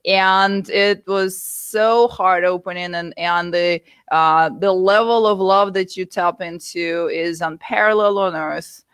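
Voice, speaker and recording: A woman from the United States, a guest telling her story candidly with animated asides. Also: fairly low pitch, a little slow, hardly any pauses, clear, resonant tone, no echo. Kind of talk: interview conversation.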